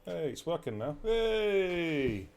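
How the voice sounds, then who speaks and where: A man hosts a live sim-racing stream with a chatty, joking manner, reading out the racers and chatting with viewers. His voice sits at an ordinary middle pitch. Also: brisk, darkish tone. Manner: chatty, jokey, talks to chat. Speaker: race commentator. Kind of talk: live esports race commentary.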